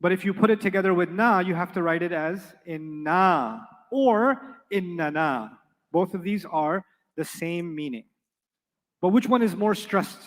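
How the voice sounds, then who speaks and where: A man's voice: high-pitched, animated, unhurried, long reverb tail. A man teaching Arabic grammar to a class, emphatic, repeating key points and quizzing his students.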